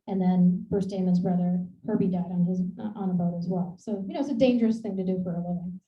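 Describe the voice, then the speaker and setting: A woman's voice: on the low side, fairly even intonation, fast talker. Chatty woman speaking in an echoey room. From Maine. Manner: chatty, rambling, laughs at herself. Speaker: author giving a talk. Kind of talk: casual presentation with slides. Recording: echoey room, dull lo-fi sound.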